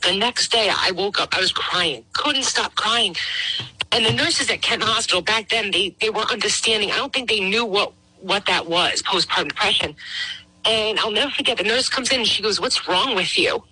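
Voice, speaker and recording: A middle-aged woman guest sharing a personal story, emotional and halting, acting out quotes. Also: mid-range voice, bright, forceful tone, breathy edge, low-quality recording. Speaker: guest caller. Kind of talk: personal testimony.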